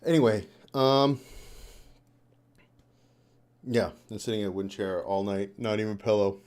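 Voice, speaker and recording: Low, dark-voiced man rambling casually. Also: a little slow. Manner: rambling, swears a lot, laughs often. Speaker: live streamer. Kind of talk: casual live-stream chat. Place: home room.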